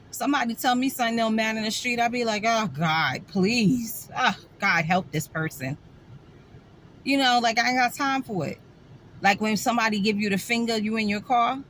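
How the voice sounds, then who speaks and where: A woman's voice: a little high, fairly bright tone, slight background noise, poor audio. A middle-aged woman, talking bluntly and sassily to camera in a casual vlog, with wry laughs. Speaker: vlogger.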